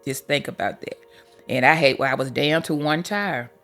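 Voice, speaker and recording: With faint music behind her, a woman speaks at a moderate pace in a bass voice that is a bit bright. She is a podcast host and life coach giving a heartfelt, candid personal testimony, full of homespun sayings and emotional at times.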